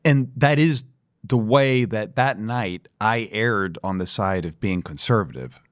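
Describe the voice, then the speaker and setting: A man co-hosting a podcast, telling a personal story in a lively, animated way. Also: lowish voice, measured pace. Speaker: podcast co-host. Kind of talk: storytelling in casual chat.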